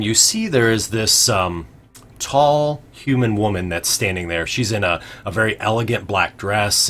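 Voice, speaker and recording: A man narrating a tabletop game as game master, halting and filling pauses with ums and uhs. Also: lowish voice, a bit bright. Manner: halting, full of ums and uhs, self-correcting.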